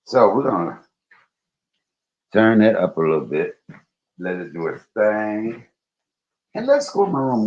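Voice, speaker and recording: A man chats to his livestream viewers while he cooks, calling them y'all. His voice sits very low but swings into sudden high, excited bursts. The sound is roomy and a little dull, like a home kitchen heard through a modest stream mic. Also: vocal fry. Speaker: livestream host cooking. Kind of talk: casual livestream cooking chat.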